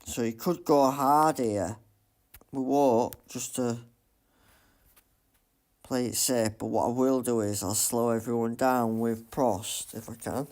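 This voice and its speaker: Slow-talking man muttering over gameplay. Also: medium pitch, fairly even intonation. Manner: mutters to himself while playing, loud self-mocking outbursts. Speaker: gaming streamer. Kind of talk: live gameplay commentary.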